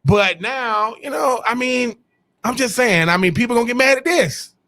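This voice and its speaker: A man's voice: extremely high pitch, moderate pace, bright, forceful tone. A man co-hosting a sports podcast, arguing casually about players and movie speeches, rambling and restarting his sentences often. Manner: rambling, restarts often, Southern-tinged slang.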